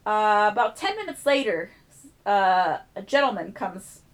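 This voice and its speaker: A woman's voice: medium pitch, measured pace. A woman hosting a podcast, telling a travel story in casual chat and acting out the people in it with plenty of swearing. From United States. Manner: animated, profane, acts out dialogue.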